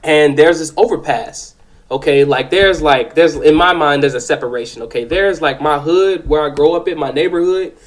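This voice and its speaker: Man, somewhat high voice, loose profane storyteller, keeps checking the listener is with him. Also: moderate pace. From South Side of Chicago. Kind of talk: casual spoken storytelling.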